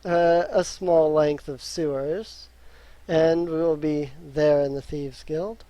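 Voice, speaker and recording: A man's voice: on the high side, steady tone, takes it slowly, warm tone, no room sound, rough recording. A man voicing a secretive male thief who guides the party, speaking in a plain, businesslike way. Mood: matter-of-fact.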